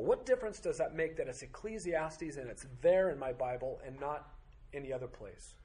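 A man teaching a Bible study class, firing off strings of rhetorical questions with occasional joking asides. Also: a little high. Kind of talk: teaching to a group.

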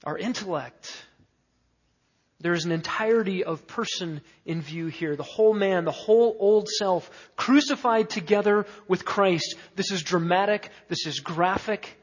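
A male preacher expounding scripture with emphatic, building lists of words. His voice sits high and sounds a little husky. The recording is muffled and carries a long hall echo. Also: measured pace. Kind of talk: expository sermon. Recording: dull, echoey hall sound.

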